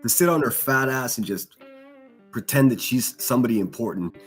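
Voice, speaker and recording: A man hosting a livestream reads the chat and mocks people with crude insults, sneering and laughing at his own jokes. His mid-range voice runs a little fast over faint background music.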